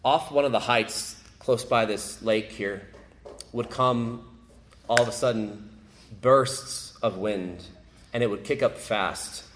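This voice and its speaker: A man's voice: mid-range voice, slow pace, fairly bright tone, a little hiss or hum. A man preaching a sermon, repeating key phrases and rising sharply when he quotes pleas. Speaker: pastor.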